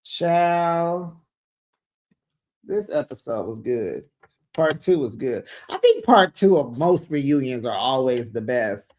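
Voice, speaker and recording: A host giving a casual, gossipy recap of a reality-TV reunion, sassy and quick to laugh. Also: mid-range voice, expressive, a little mellow.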